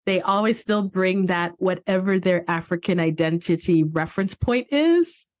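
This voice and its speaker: A woman's voice: fairly low pitch, animated, normal speed, no room sound. A woman hosting a podcast in casual interview chat, chatty and laughing often, with family from Cameroon. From Cameroon, English-speaking side. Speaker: podcast host.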